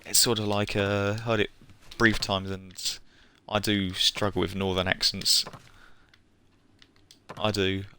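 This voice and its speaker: Slow-talking English man with a bright, clear voice. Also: lowish voice, flat delivery, slight background noise. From England. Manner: rambling, chuckles often, lots of fillers. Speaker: streamer. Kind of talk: casual live-stream chat while playing.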